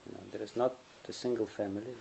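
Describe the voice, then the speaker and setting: A man delivers a spiritual lecture in a low, gravelly voice with a mellow, dark tone. He rambles through stories and chuckles often. Faint hiss sits under the recording. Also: steady tone, fast talker, rough recording. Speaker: spiritual teacher.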